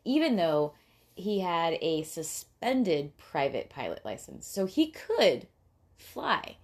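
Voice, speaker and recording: Low-voiced giggly young woman podcaster. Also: very animated, takes it slowly. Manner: chatty and giggly, frequent fillers and profanity. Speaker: podcast co-host. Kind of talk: casual true-crime podcast chat.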